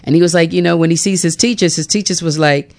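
A woman's voice: fairly low pitch, fast talker, darkish tone. A woman morning radio host chatting casually on air and often laughing at herself.

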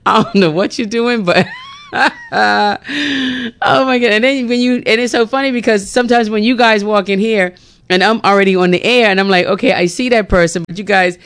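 A woman's voice: medium pitch, lively intonation, moderate pace, clear, resonant tone. A woman morning radio host chatting casually on air and often laughing at herself.

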